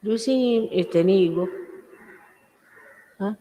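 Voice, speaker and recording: A woman's voice: medium pitch, normal speed, mellow. An older woman, a spiritual teacher, giving an informal talk to followers, scolding and emphatic, repeating phrases for stress, recorded on old archive tape. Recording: echoey hall, 1980s archive tape.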